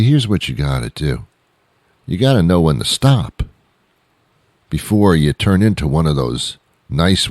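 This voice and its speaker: Man, comedic host, very low voice, lively pitch swings, rambling exasperated rant. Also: no echo, clean studio sound. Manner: rambling, exasperated ranting with restarts. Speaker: radio show host. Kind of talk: comedic monologue.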